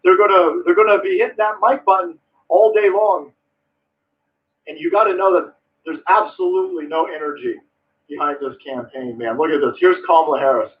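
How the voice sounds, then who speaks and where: A man's voice: on the high side, normal speed, distant mic, phone-quality sound. A man hosting a live stream, ranting sarcastically about politics and swearing freely. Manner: profane, sarcastic, loud.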